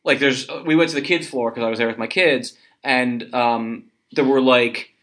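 A man's voice: medium pitch, steady tone, normal speed, a bit bright. A middle-aged man co-hosting a podcast, talking in a rambling, enthusiastic way. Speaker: podcast co-host. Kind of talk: casual chat.

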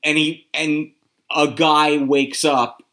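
A man's voice: on the high side, little pitch movement, slow, bright, forceful tone. A man hosting a podcast in casual chat, rambling and hesitant with fillers. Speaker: podcast host.

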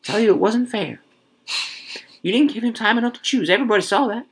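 A man's voice: steady tone, brisk, pushed and bright. A man reading aloud and voicing a defiant village woman who protests shrilly that things are unfair. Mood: protesting. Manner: high and strained, shrill protesting.

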